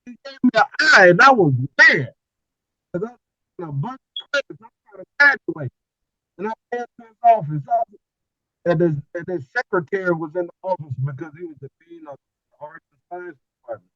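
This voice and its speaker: An older man tells a story from his life over a video call, lively and often restarting his phrases. His voice sits a little high, and the call audio sounds muffled and dry. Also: fairly quick, dry recording. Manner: animated storyteller, repeats words as he restarts. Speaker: guest. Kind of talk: personal storytelling.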